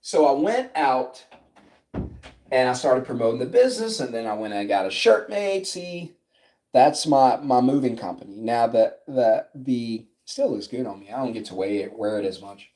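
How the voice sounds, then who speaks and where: Mellow-voiced South Louisiana man telling a story. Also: mid-range voice, moderate pace. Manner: animated, conversational, acts out dialogue. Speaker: business coach. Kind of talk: storytelling to camera. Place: his office.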